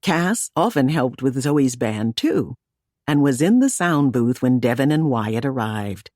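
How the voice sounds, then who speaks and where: A woman reading an audiobook in measured scripted narration, giving each character a voice. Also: rumbling low, animated, a little mellow, dry recording, clean studio sound.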